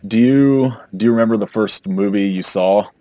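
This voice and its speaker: A man's voice: lowish voice, moderate pace, warm tone, dry recording. A man co-hosting a podcast in casual chat, rambling and hesitant as he recalls things. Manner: rambling, hesitant, full of "like" fillers. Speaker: podcast co-host.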